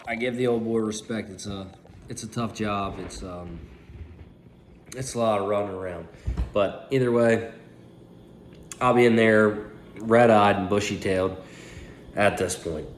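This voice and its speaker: A man's voice: on the low side, fairly even intonation, measured pace, long pauses, echoey room, a little hiss or hum. Profane, rambling man in his late twenties. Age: late 20s. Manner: profane, loose, trash-talking. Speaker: fantasy football league commentator. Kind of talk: casual rambling recap. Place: indoors, phone propped on paper towels. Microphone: phone.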